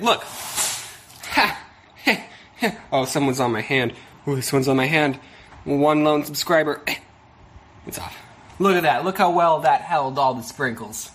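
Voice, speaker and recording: Male YouTuber, jokey and mock-sincere, bouncy animated delivery, faint background hiss. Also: fairly high pitch. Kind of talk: casual vlog.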